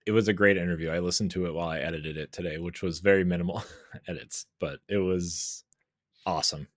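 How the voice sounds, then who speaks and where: A man's voice: low voice, steady tone, fairly quick, dry recording, studio quality. A man hosting a podcast in casual chat, joking and teasing with his co-hosts and laughing often. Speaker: podcast host and editor.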